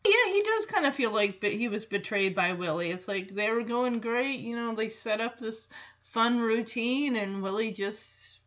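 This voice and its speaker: A woman's voice: on the high side, animated, normal speed, fairly bright tone. A woman chatting casually through a film reaction, with many fillers and asides, in a lo-fi recording.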